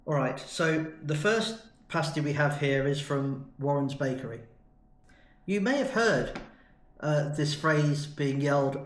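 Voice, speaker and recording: A man's voice: fairly high pitch, lively intonation, takes it slowly, echoey room. A man from the UK in a chatty, enthusiastic food review vlog. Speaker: food vlogger.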